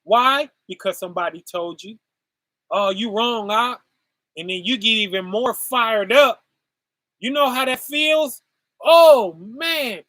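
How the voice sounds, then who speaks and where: Man, preacher, informal sermon, very high voice, unhurried delivery. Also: sharp tone, no room sound, clean studio sound. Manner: call-and-response asides, laughs while preaching.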